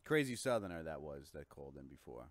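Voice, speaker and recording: Brief: New York man, animated co-host banter, lively pitch, dry mic. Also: quick pace, no room sound. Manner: jokey, animated, swings between loud and quiet. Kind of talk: casual chat.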